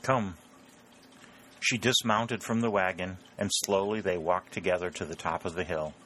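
Deep-voiced man reading an audiobook. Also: steady tone, normal speed, a bit bright, a little hiss or hum. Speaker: narrator. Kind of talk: audiobook narration.

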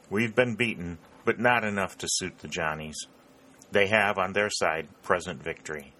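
A man voicing a bookish young soldier who talks in a wry, deliberate, mock-formal way. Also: deep voice, pushed and bright.

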